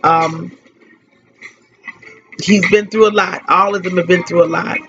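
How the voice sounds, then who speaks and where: Grieving slow-spoken woman on radio. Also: fairly low pitch, fairly even intonation, fairly bright tone, soft background music. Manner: grieving, halting, repeats phrases. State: tearful. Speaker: radio host giving a tribute. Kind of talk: emotional spoken tribute. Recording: dull lo-fi radio recording.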